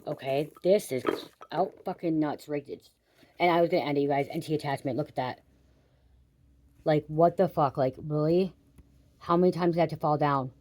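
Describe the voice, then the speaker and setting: A woman's voice: sits low, moderate pace, darkish tone. A woman giving a casual tarot reading, chatting straight to her viewers and swearing when surprised. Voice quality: frequent swearing exclamations. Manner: chatty, addresses viewers directly. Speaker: tarot reader.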